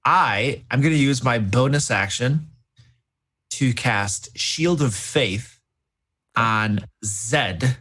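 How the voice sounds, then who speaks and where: A man's voice: mid-range voice, takes it slowly, pushed and bright, husky. A man playing a tabletop game, talking casually and reacting with flustered exclamations. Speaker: player.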